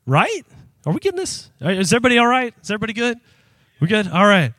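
A pastor preaching a sermon in church, animated and emphatic, calling out to the congregation and breaking into shouts. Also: male voice, sits high, fast talker, dry recording. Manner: animated call-and-response preaching.

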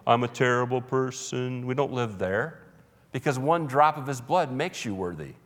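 A male pastor preaches in a church. His delivery is emphatic but conversational, and he drops humorous asides. His mid-range voice carries a long hall reverb. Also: mid-range voice. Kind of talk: sermon.

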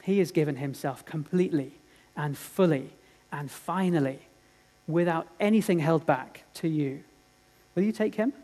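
A man preaching a sermon, telling a story earnestly and dramatically, swinging from loud to hushed. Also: on the high side, moderate pace.

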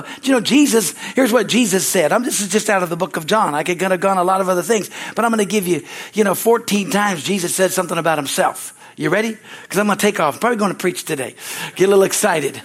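Male pastor, high voice, fiery sermon, repeats lines, calls for amens. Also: fast talker. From United States. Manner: excitable preaching, rising to loud exclamations.

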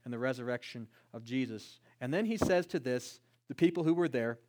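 A man's voice: medium pitch, brisk, darkish tone. A man preaching a sermon in a conversational way, asking rhetorical questions and rising to emphatic peaks. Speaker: pastor.

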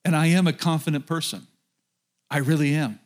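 Delivering a sermon at a brisk pace, a middle-aged pastor with a voice a little high for a man keeps things conversational, turning again and again to ask the congregation direct questions.

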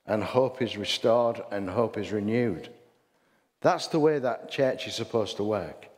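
A man's voice: fairly low pitch, lively intonation, a little slow, darkish tone. Hull-accented man preaching in a reverberant hall. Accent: Hull English. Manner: conversational preaching with rhetorical questions and restarts. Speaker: pastor. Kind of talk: sermon.

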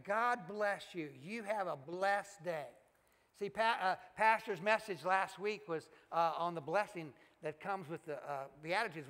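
A man's voice: sits high, fairly bright tone, in a large hall. A man with a Southern US accent preaching a sermon as a pastor, folksy and exhorting, with fillers and restarts. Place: church sanctuary.

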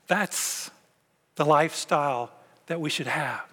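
A man's voice: fairly high pitch, a little slow, sharp tone, big-room sound. A man preaching a conversational sermon as pastor, acting out quoted thoughts along the way. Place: church sanctuary.

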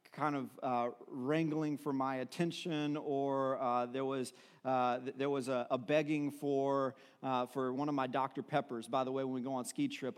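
A pastor preaching a sermon, earnest and repetitive, with many restarts, moving between soft passages and rising emphasis. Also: male voice, medium pitch, big-room sound.

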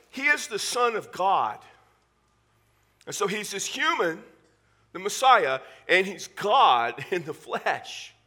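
A male pastor with a Southern Texas accent preaching a sermon in church, animated and full of joking asides. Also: high voice.

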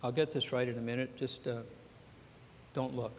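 A man's voice: mid-range voice, little pitch movement, normal speed, slight background noise. A man preaching a sermon as pastor, talking conversationally and acting out the scripture dialogue. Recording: long hall reverb.

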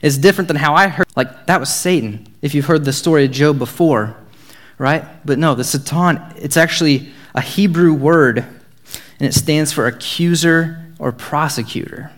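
A man's voice: fairly high pitch, normal speed, fairly bright tone. A young man, giving a casual, joking Bible talk as a youth speaker. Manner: casual, joking, upbeat storytelling.

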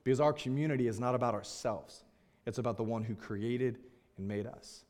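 A man's voice: mid-range voice, brisk, a little mellow. A young man, a pastor, telling a personal story in a sermon, earnest and openly emotional in a candid, conversational way.

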